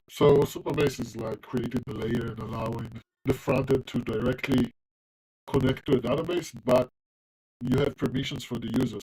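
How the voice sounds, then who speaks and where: A man with a non-native English accent that leans American talks through his coding on a livestream. His pitch sits in the middle range. He rambles comfortably, full of fillers and false starts, like casual chat with his viewers. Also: mellow, poor audio. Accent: non-native English accent, closer to American. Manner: loose and chatty, many ums and restarts.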